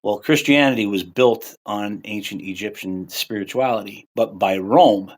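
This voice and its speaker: A man hosting a livestream, talking in a rambling, casual way, with many "right?" and "you know" fillers. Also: moderate pace. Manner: rises in pitch and volume on quoted lines. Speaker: livestream host.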